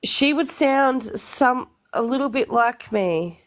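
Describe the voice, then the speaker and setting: A woman's voice: sits high, animated, slow. A woman from Melbourne with a broad Australian accent, chatting casually on a livestream, blunt and self-deprecating.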